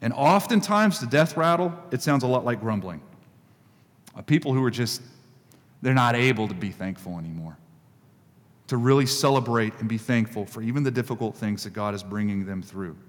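A man's voice: mid-range voice, animated, normal speed, long reverb tail. A male pastor giving a conversational sermon, repeating key phrases for emphasis.

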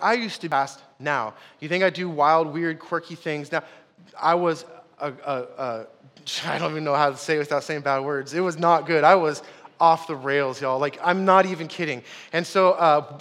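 A man's voice: on the high side, fairly bright tone. A young man, a pastor, telling a story in a sermon and calling the congregation y'all. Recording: long hall reverb.

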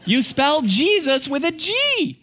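A stubborn little girl of two shrieks her point in a piercing high voice, as a preacher acts her out in a sermon story. She is insistent and loud, jumping up in pitch as she argues. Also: wildly swooping pitch, slow, very noisy, full character voice.

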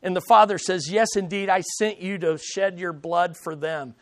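A man's voice: high voice, steady tone, normal speed. A man preaching a sermon as pastor, with emphatic swells and dramatic readings of scripture quotes.

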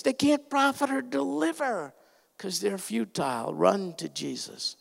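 High-pitched gravelly preacher man in a hall. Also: lively intonation, a little slow. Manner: earnest, emphatic preaching with sudden loud swells. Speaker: pastor. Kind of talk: sermon. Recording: reverberant hall sound.

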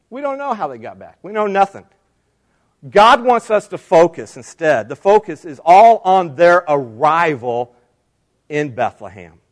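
A man preaching a sermon, speaking straight to his congregation and building emphasis on key lines. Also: fairly high pitch. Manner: preaching with rising emphasis and direct appeals. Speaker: pastor.

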